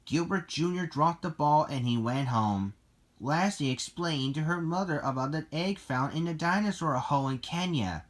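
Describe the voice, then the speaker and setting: A reader narrating a children's storybook in a slow, deliberate way. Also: medium pitch, expressive.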